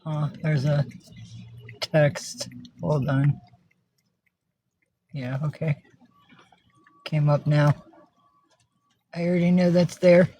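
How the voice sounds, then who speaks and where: A woman's voice: sits low, level tone, slow pace, long pauses, mellow, slight background noise. A woman vlogging in a casual livestream style, rambling, cooing to her pets and swearing casually, talking from inside a car.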